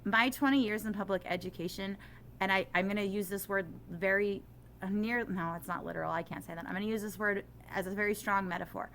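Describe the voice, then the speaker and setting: A middle-aged woman teacher talking in an interview, animated and self-deprecating, growing impassioned as she makes her case. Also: medium pitch, quick pace, a little hiss or hum.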